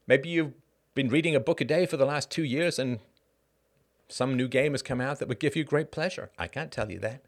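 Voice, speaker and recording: A middle-aged man hosting a casual solo monologue, animated and rhetorical, with short laughs and frequent asides of "right?". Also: fairly high pitch. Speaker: podcast host.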